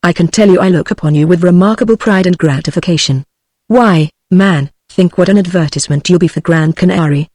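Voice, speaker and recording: A text-to-speech woman's voice with a British English accent, reading the lines of a brisk, teasing male island doctor in an even tone. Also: fairly low pitch, no room sound, natural voice. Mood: proud. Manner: even synthetic reading, no character voice.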